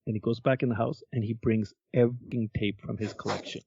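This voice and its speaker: Fast talking guy on a podcast telling a story, does the voices, swears a bunch, dry dull sound. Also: mid-range voice, vocal fry, breathy edge, no echo. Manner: animated storyteller who acts out quotes and swears casually. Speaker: podcast co-host. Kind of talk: casual chat, storytelling.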